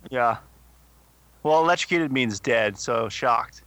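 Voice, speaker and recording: A man's voice: medium pitch, lively intonation, takes it slowly, a bit bright, dry recording. A young man co-hosting a podcast, telling a rambling story full of swearing. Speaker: podcast co-host. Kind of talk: casual chat.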